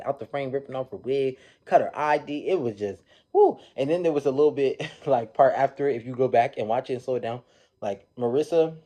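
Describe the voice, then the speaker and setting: A man with a low, mellow voice tells the story of a reality show episode in a loose, slangy style. He talks with energy and acts out the people he quotes. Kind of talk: casual recap commentary.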